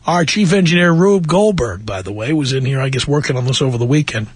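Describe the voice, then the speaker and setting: A man's voice: mid-range voice, lively intonation, fast, husky, no room sound. A man hosting a radio talk show from a studio, chatting casually and laughing often. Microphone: studio microphone.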